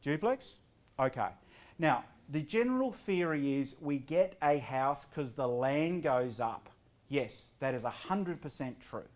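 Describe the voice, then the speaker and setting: Energetic property seminar speaker. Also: male voice, on the high side. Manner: energetic, quizzes the audience with quick questions. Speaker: property investment presenter. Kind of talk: seminar talk to a live audience.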